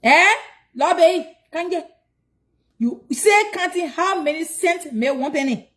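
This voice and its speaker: A woman's voice: very high-pitched, animated, measured pace, fairly bright tone. A woman with a Liberian English accent hosting a casual livestream, chatty and preachy as she urges viewers to give donations. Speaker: livestream host.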